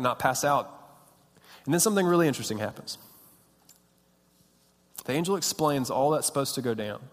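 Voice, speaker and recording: A man in his thirties preaching a sermon, telling stories in an animated, self-mocking, punchy way. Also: mid-range voice. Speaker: pastor. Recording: hall with long reverb.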